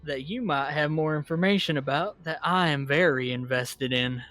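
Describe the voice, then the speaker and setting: A man playing his character in a tabletop game with a put-on American Southern accent, speaking in halting, hesitant phrases. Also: on the high side, a bit bright, dry recording, faint music behind. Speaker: player.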